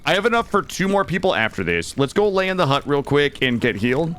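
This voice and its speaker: A man's voice: a little high, big pitch swings, fast, fairly bright tone. An American man with a cold, chatting casually with viewers while streaming a game, rambling and restarting his sentences. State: has a cold. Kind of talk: casual gaming stream chat.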